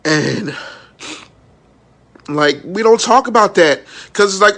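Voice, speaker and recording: A man in his thirties, a minister and entrepreneur, speaks animatedly at a slow pace in a high, tense, bright voice. His live-stream monologue is raw, frank and emotional, laced with profanity and frequent "you know what I'm saying" as he checks his audience is with him.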